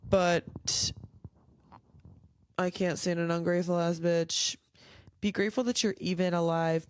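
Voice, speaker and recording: Blunt, low-voiced woman ranting casually. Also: darkish tone, smooth, no echo, clean studio sound. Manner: blunt, swears freely, many filler likes. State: tired, yawning late at night. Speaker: podcast host. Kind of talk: casual solo rant. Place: her home at night.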